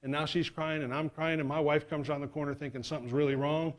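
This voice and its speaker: A middle-aged man from New York giving an animated fire safety talk, acting out the voices in his stories. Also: fairly high pitch, fast talker. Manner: animated, acts out quoted voices.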